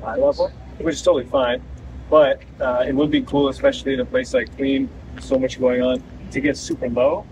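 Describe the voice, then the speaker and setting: A man casually briefing a group on a photo walk, easygoing and encouraging, outdoors on a busy city street. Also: mid-range voice. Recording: distant mic with loud street noise.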